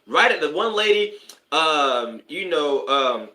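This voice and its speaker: A man's voice: on the high side, very animated, slow pace, pushed and bright. A man, a spiritual advisor, hosting a live stream in a casual, rambling way, with sudden preacher-like bursts of emphasis. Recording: echoey room.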